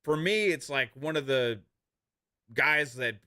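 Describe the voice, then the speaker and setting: Bright-voiced man, halting podcast talk. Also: medium pitch, lively intonation. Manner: hesitant, many uhs and restarts. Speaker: podcast co-host. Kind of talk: casual gaming podcast chat.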